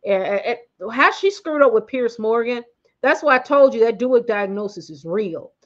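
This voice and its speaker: A woman gives blunt, slangy commentary on her vlog in a fairly high voice. She stresses her points hard and often breaks off and restarts mid-sentence. The recording is slightly muffled and lo-fi. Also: lively intonation, moderate pace. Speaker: commentary vlogger. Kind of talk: casual opinionated commentary.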